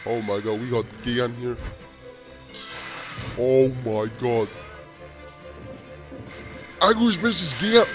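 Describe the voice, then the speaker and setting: A young man hosting a casual reaction video, excitable and constantly saying bro, with loud music behind him. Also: mid-range voice, unhurried, long pauses.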